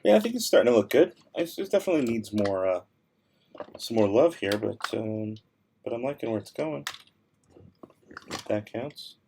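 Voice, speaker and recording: A man's voice: medium pitch, lively intonation, normal speed, pauses often, noisy background. A young man hosting a casual livestream, reading viewer comments aloud while he works, laid-back but a little tired and worn-voiced. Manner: laid-back, easily exasperated, mumbles while working. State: tired, losing his voice. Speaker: livestream host.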